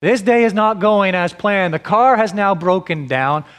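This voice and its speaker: A man in his thirties preaching a sermon as a pastor, asking deliberate, repeated rhetorical questions. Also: high-pitched, fairly bright tone, clear, resonant tone.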